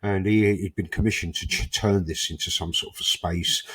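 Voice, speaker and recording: A man's voice: low voice, moderate pace, husky. A man, a podcast guest telling cheeky anecdotes in a casual interview and acting out the people in them. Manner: cheeky, animated anecdotes with acted-out quotes. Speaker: podcast guest, musician and club founder.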